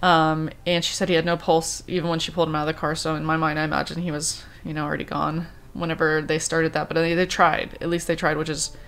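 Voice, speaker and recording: A woman in her thirties, a vlogger, telling a personal story in a halting, grieving way, full of fillers, restarts and quoted talk. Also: deep voice, little pitch movement, a bit bright. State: grieving, subdued.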